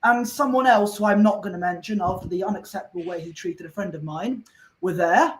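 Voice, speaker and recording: A man's voice: high-pitched, a little fast, reverberant, a little hiss or hum, poor audio. A man from Somerset, a guest on a fan panel show, talking in an earnest, rambling way with lots of restarts. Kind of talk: casual chat.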